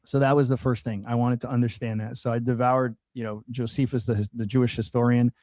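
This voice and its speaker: Man telling his story in a mellow voice. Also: medium pitch, flat delivery, fast talker, no echo. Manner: earnest storytelling with many restarts and fillers. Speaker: podcast guest. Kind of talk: personal testimony in conversation.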